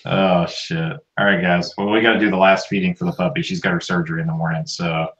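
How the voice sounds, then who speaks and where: A man's voice: low-pitched, flat delivery, quick pace, a bit bright, echoey room, muffled recording. A man co-hosting a casual live stream chat, laid-back and agreeable as he talks to the viewers. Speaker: podcast co-host.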